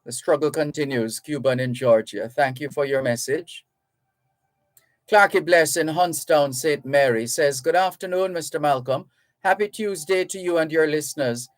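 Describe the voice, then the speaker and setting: A Jamaican man hosting a radio call-in show, reading out listener messages and explaining things in an unhurried way, with fillers and restarts. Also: a little high, no room sound, poor audio. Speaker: radio talk show host. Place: radio studio.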